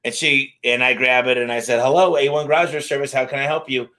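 Bright, energetic man telling business stories. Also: medium pitch. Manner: energetic, fast-moving anecdotes with acted-out dialogue. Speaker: garage door company owner, guest. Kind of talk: casual interview storytelling.

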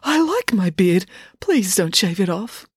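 A meek middle-aged dad as the narrator puts him on, earnest and a little pleading, speaking slowly and a bit higher than the reader's own voice. Dry, close storybook reading. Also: very animated, husky, dry recording.

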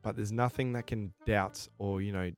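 A playful Australian man co-hosting a casual sports podcast, teasing his co-host and jumping between loud outbursts and mock grumbling. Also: fairly low pitch, steady tone, moderate pace, soft background music.

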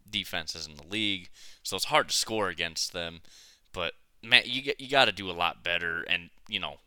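A man's voice: on the low side, pushed and bright, clear, resonant tone, no room sound. A man co-hosting a casual sports podcast, blunt and a little profane, his sentences full of fillers and restarts. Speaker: podcast co-host.

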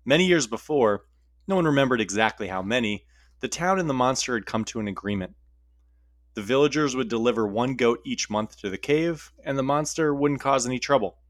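A man tells a story in a casual voice, dropping wry asides as he goes. His voice sits at an ordinary middle pitch. The sound is dry and close, with no room echo. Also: lively intonation, a little fast. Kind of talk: storytelling narration.

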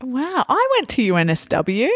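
A woman from Australia with a toned-down Australian accent, an English teacher who interviews a guest and explains words slowly and carefully. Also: on the high side, big pitch swings, slightly rough, dry recording, studio quality. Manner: slow, explaining carefully with pauses. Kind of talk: casual interview chat.

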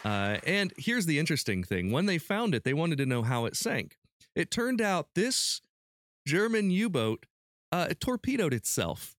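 A man's voice: a little high, big pitch swings, fairly bright tone, some chatter behind. A man hosting a podcast, playfully reading out quiz questions and prizes to his guests. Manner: playful quizmaster, reads questions slowly. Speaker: podcast host running a quiz. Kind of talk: casual podcast chat.

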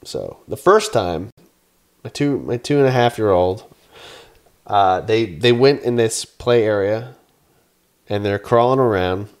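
A man in his thirties, a podcast co-host, telling an animated story in casual chat, swearing and acting out his own yelling. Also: lowish voice, unhurried, long pauses.

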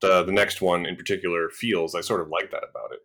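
Podcast co-host, male, lower voice, measured, a little hesitant, summarizing episodes. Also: fairly even intonation, a bit bright. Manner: measured, hesitant with fillers, explaining. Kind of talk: casual review chat.

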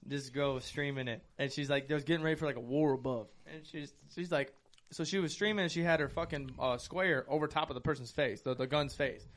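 A man in casual podcast chat, profane and animated, acting out voices while he tells gaming stories. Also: fairly high pitch, brisk. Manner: profane, animated storyteller who acts out voices. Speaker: podcast co-host.

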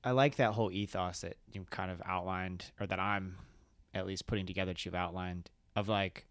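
A man's voice: sits low, steady tone, brisk, fairly bright tone, no room sound. A man hosting a podcast, chatting reflectively in a casual interview, with many restarts. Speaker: podcast host. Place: room at a music festival.

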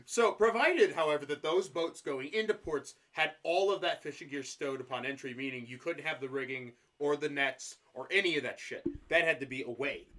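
A man co-hosting a podcast, telling history in a loose, profane way. He jokes, swears freely and breaks into laughter often. His voice sits a little high for a man. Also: moderate pace, few pauses, a bit bright. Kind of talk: casual profane chat.

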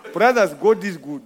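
A man giving an informal church testimony, telling a rambling story with frequent chuckles. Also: sits high.

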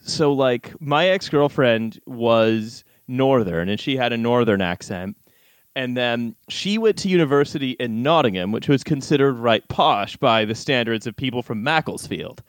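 A man's voice: medium pitch, animated, moderate pace, dry recording. A man with a Canadian accent, co-hosting a comedy podcast in a profane, exasperated, ranting manner. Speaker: podcast co-host. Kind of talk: casual comedic chat.

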